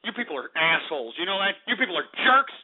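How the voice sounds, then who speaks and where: Furious cursing radio host, high voice. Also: male voice, sing-song, fast. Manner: furious, cursing and repeating himself. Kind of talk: angry on-air rant. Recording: tinny phone-like sound.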